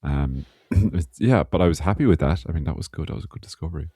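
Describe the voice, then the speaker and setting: A man's voice: very deep voice, quick pace, dark tone, breathy edge, no room sound, clean studio sound. An Irish man co-hosting a podcast, rambling through stories in casual chat, swearing and laughing often. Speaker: podcast co-host.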